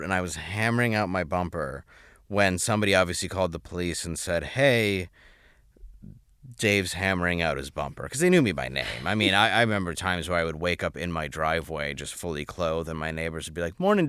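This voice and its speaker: A man from Michigan with a Michigan accent, telling animated stories as a podcast guest, laughing often and acting out the voices of the people in them. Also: low-pitched, fast, clear, resonant tone, dry recording, clean studio sound. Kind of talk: casual storytelling.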